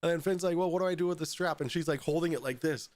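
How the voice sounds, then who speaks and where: A man's voice: on the high side, racing, darkish tone, no echo, studio quality. A man hosting a podcast, telling a story in a casual, profane way, often laughing through it. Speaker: podcast host.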